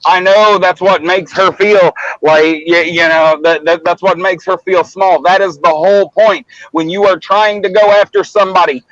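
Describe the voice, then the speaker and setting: A man's voice: sits high, steady tone, normal speed, few pauses, fairly bright tone, no echo. A man in casual livestream chat, talking bluntly and profanely, rambling with many restarts. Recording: muffled dry lo-fi audio.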